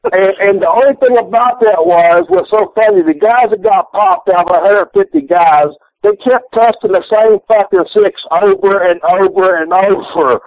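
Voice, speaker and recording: A man's voice: sits high, moderate pace, hardly any pauses, dry recording. A man with a Southern US accent, a wrestler calling in from his living room, rambling and swearing as he jokes. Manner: profane, rambling, joking. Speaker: guest wrestler. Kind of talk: phone-in interview. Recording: phone line.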